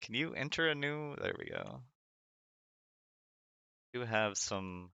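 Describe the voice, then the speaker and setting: A man's voice: lowish voice, huge pitch swings, slow, gravelly, pushed and bright, smooth, dry recording. A man streaming a retro game, reading its text aloud with wry asides and frequent laughter. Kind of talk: casual game commentary.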